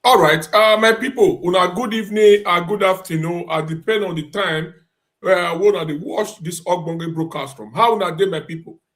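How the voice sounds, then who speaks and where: A man's voice: sits high, normal speed, a bit bright. Chatty Nigerian Pidgin-speaking male host. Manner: chatty, lots of fillers. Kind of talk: casual broadcast greeting.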